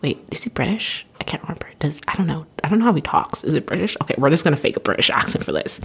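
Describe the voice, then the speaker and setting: A woman's voice: on the low side, big pitch swings, rapid-fire, few pauses, husky, whispered. A young woman vlogger in casual, rambling chat, often correcting herself. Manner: rambling, self-correcting, chatty.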